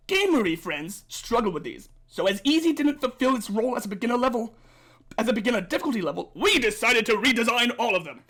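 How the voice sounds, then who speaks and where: High-voiced, excitable young man. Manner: enthusiastic, rambling, fanboying with frequent restarts. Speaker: gaming video creator. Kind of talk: excited game update commentary.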